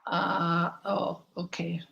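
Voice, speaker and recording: A woman's voice: lowish voice, flat delivery, very slow, creaky, a bit bright, roomy sound, highs cut off. A woman giving psychic readings to viewers on a live stream, affectionate and rambling, calling people darling. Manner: rambling, many ums and restarts.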